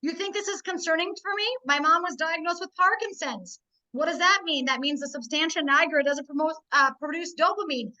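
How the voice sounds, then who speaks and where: A woman giving an emphatic, animated sales presentation over a video call, often asking her audience "right?". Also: sits high, brisk, highs cut off. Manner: emphatic, talks to the audience directly with frequent "right?" and "guys".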